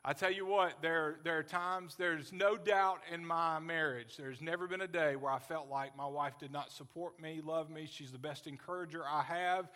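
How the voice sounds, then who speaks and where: A man's voice: a little high, fairly even intonation, normal speed, hardly any pauses, pushed and bright. A man in his forties preaching a sermon as pastor, earnest and folksy, joking with his congregation. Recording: long hall reverb.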